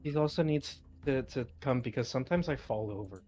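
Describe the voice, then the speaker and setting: A man's voice: medium pitch, brisk, a little mellow, soft background music. A man playing in a tabletop game, joking and laughing with the group. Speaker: player. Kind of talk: casual chat.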